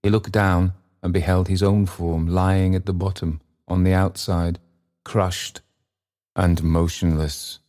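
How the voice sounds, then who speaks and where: A man narrating an audiobook in a measured, unhurried manner. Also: sits low, little pitch movement, mellow. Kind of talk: audiobook reading.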